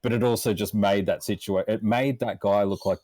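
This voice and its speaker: Aussie bloke guest, real low voice, dry close sound, swears nonstop and rambles on. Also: male voice, brisk, no echo. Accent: Australian. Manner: profane, rambling, acts out quotes in animated voices. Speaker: podcast guest. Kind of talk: casual chat.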